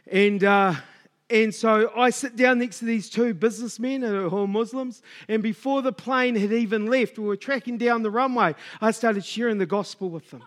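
A middle-aged man preaching a sermon, telling a story and acting out the dialogue before building to loud exhortation. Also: high voice, normal speed.

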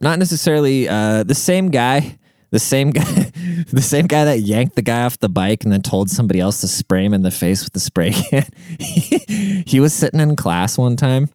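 A man's voice: fairly low pitch, darkish tone, no room sound, clean studio sound. A young man who grew up in Germany, casually telling a rambling, profane childhood story and laughing often. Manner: rambling, profane, laughs through his stories.

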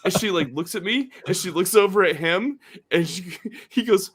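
A man's voice: high-pitched, normal speed, a bit bright, slightly rough. A man hosting a casual podcast chat, telling a funny story with lots of laughter and restarts. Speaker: podcast host.

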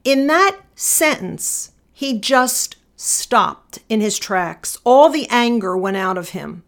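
Middle-aged woman, attorney type, deliberate storyteller, voice sits a little high. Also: animated, fairly bright tone. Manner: measured, deliberate, slowing for emphasis. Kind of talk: personal storytelling and reflection.

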